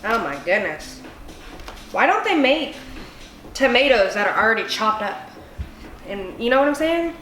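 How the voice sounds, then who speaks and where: A woman's voice: fairly high pitch, big pitch swings, unhurried, long pauses, fairly bright tone. A tipsy woman hosting a casual cooking vlog, rambling and swearing freely as she chops. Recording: echoey room with music behind.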